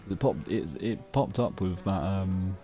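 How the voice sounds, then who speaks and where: A man's voice: low voice, a little slow, mellow, soft background music. A man giving casual, chatty commentary while he plays a video game, muttering to himself as he goes. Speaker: gaming streamer.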